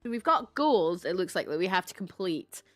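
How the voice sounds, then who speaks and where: Her voice is on the low side and sing-song, moving a little fast, with soft music in the background and no echo. She's a Scottish woman chatting through a livestreamed game, reading, cracking self-deprecating jokes, and laughing a lot.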